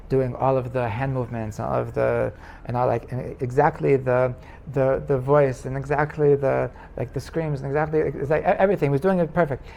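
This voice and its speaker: A male rabbi leads an informal class, narrating a story with lots of false starts and repeated words. His voice is gravelly and creaky. A faint hiss runs under the recording. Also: medium pitch. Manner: halting, many restarts, animated when telling the story. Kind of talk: casual storytelling lesson.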